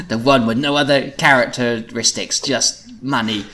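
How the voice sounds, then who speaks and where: A man with a mid-range, sharp-toned voice hosts a comedic podcast. He reads his old teenage writing aloud and often giggles at it.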